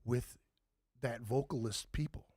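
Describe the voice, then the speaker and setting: A man in his forties, a band member guest on a podcast, telling stories in a lively, profane way and loudly acting out what people said. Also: medium pitch, unhurried, slightly rough, no room sound, clean studio sound. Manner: animated, profane, acts out quoted lines loudly. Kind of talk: casual podcast storytelling.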